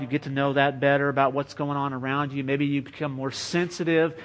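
A man's voice: medium pitch, flat delivery, a little fast, few pauses, fairly bright tone, a little hiss or hum. A man preaching a sermon in an earnest, conversational way, often saying "you know" as he goes. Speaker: pastor.

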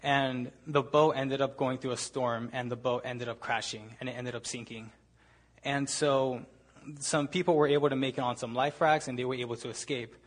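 A young man giving a casual storytelling talk to a gathering, relaxed and chatty, leaning on filler words. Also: medium pitch, normal speed. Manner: relaxed, chatty, leans on "like" and "ended up". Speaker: speaker at a gathering.

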